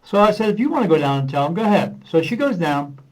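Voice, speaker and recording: Higher-voiced man telling rambling anecdotes. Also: very animated, fast, poor audio. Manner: rambling anecdotes, acting out dialogue with many uh fillers. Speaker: medium, podcast guest. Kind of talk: casual storytelling in a podcast interview.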